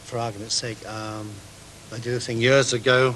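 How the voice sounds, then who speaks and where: A man's voice: mid-range voice, steady tone, a little fast, loud music behind the voice, poor audio. A man who writes jingles, telling anecdotes in an interview and acting out the conversations he had. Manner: storytelling, acts out dialogue and sings snippets. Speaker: jingle composer.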